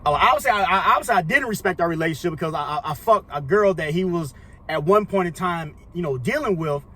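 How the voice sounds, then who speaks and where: A man's voice: high-pitched, expressive, quick pace, a bit bright, slight background noise. A young man telling a casual storytime monologue, rambling and profane, full of slang fillers. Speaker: storyteller vlogger.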